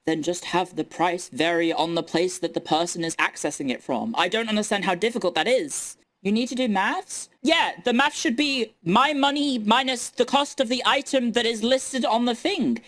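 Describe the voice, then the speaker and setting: A woman's voice: medium pitch, fairly bright tone. A young woman streaming, ranting in casual chat with incredulous outbursts. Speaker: VTuber streamer.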